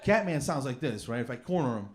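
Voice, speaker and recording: A man's voice: mid-range voice, expressive, quick pace. A man doing a rambling, self-mocking stand-up set on a comedy club stage with a handheld mic. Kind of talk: stand-up routine.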